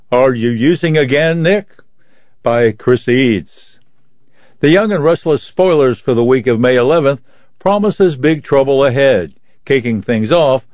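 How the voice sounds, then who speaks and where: Man reading magazine news aloud, steady. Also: mid-range voice, no echo. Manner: steady, measured read-aloud delivery. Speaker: volunteer reader for a radio reading service. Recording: dull, lo-fi, dry sound.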